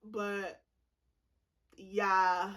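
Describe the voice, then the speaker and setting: A woman's voice: mid-range voice, little pitch movement, drawn-out words, fairly bright tone. A woman in her twenties telling a casual storytime vlog, rambling and profane, with frequent laughter. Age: 20s. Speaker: vlogger.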